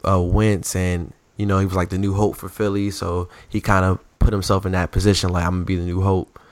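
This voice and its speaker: A man chatting casually about sports as a podcast co-host, telling stories in an animated, slangy way. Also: low-pitched, a little fast, dry recording.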